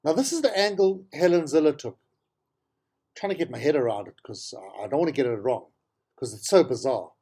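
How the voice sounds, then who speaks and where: A South African man talks through the news in an opinionated monologue. He sounds exasperated and sarcastic and hammers points home by repeating them. His voice is very animated, jumping from low mutters to high, incredulous peaks. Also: normal speed, husky. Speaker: talk show host. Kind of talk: opinionated political commentary monologue.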